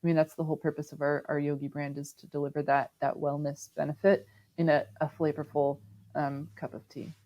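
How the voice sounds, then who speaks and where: A woman's voice: sits low, little pitch movement, a little fast, warm tone. A woman guest on a podcast interview, explaining her work thoughtfully with frequent ums and restarts. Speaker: sustainability manager, podcast guest. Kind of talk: conversational interview.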